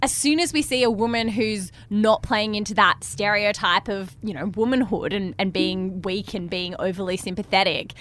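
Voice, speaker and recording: A woman's voice: medium pitch, normal speed, few pauses, a bit bright, a little hiss or hum. A woman co-hosting a casual book club podcast, thoughtful, arguing her point with hedges. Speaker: podcast co-host.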